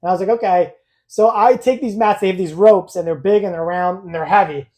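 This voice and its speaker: Brisk and warm, this woman's lowish voice belongs to a young adult podcast co-host. On the live-streamed casual chat she rambles through stories with blunt honesty and laughs at her own expense.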